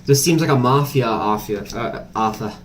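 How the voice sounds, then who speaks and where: A man's voice: mid-range voice, moderate pace. Guy doing a tarot reading, blunt and chatty, lots of "like" and "I don't know", faint hiss behind. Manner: chatty, blunt, thinks aloud with many fillers. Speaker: tarot reader. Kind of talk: casual tarot reading to camera.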